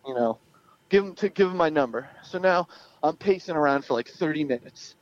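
A man's voice: fairly high pitch, expressive, fairly quick. A young man telling a long personal story in casual, profane chat, often laughing as he goes. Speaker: guest storyteller. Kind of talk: casual anecdote. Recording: dull lo-fi sound.

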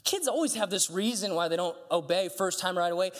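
A middle-aged man preaches from a church stage, his voice sitting high for a man. He tells stories in an animated way and acts out the dialogue as he goes. A long reverb trails off each phrase in the hall. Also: a little fast, few pauses. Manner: animated, acts out dialogue with big pitch jumps. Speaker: pastor. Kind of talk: sermon storytelling.

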